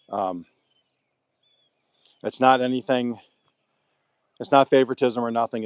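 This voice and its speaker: Man, folksy homestead vlogger, medium pitch, chatting in the backyard and talking to his dog. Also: clean tone, no echo. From Oklahoma. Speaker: gardening vlogger. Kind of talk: casual chat while gardening. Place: backyard garden, outdoors.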